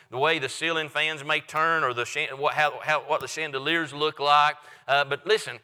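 A male pastor preaching to his church in a loose, folksy way, with joking asides. His voice is very bright and sits a little high for a man. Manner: reads scripture slowly and deliberately. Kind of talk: sermon.

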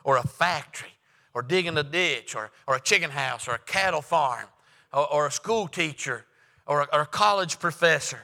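A man preaching a sermon, telling folksy stories and rising to loud, emphatic lines. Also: on the high side, lively intonation, brisk, big-room sound.

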